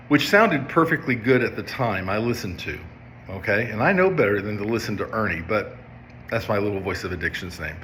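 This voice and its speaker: A man in his fifties with a fairly low voice talks through a personal story as a substance abuse counselor. His delivery is casual and halting, with frequent "okay?" check-ins aimed at his viewers. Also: a bit bright, a little hiss or hum. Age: 50s.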